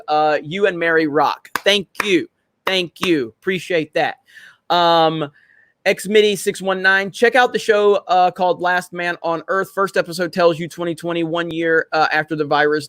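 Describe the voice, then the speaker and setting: A man's voice: on the high side, a bit bright, dry recording. A man hosting a casual livestream from home, reading viewer comments aloud, laughing often and swearing freely. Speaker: livestream host reading chat. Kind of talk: casual live-stream chat. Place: home in Florida.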